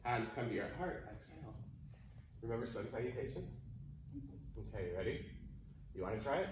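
A man's voice: mid-range voice, lively intonation, brisk, roomy sound, slight background noise. A man leading a kids yoga class at home, encouraging and playful as he counts the breaths. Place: home room.

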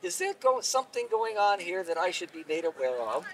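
A man's voice: high voice, wildly swooping pitch, brisk, a bit bright, full character voice. A man voicing a just, commanding king who speaks in formal courtly phrases, recorded from a distance outdoors. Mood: puzzled. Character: stately middle-aged male king, just and commanding.

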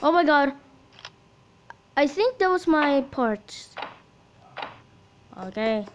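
A woman giving excitable reaction commentary full of gasping exclamations while watching a video. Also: high-pitched, slow pace, muffled recording, background noise. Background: loud music from the watched video.

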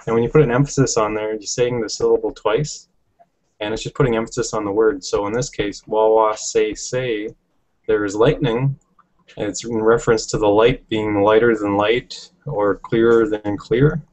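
A man teaching a language lesson, explaining patiently step by step, often pausing with ums. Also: lowish voice, steady tone, darkish tone, low-quality recording.

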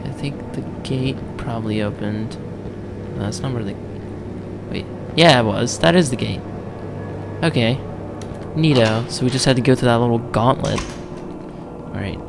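A man's voice: medium pitch, normal speed, creaky, long pauses, background noise. A young man commentating a horror game, jumpy, joking and swearing as he plays. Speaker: let's play gamer.

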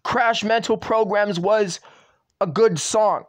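A man with a noticeably high-pitched voice, talking straight into the camera in a vlog rant. He circles back over the same complaints again and again, swearing freely as he goes. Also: takes it slowly. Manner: repetitive, swearing, ranting address to YouTube. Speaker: channel owner.

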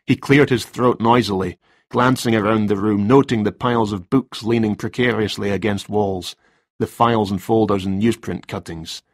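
A man narrating a story for listeners, reading in a steady, even way. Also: on the low side, husky, no room sound, clean studio sound.

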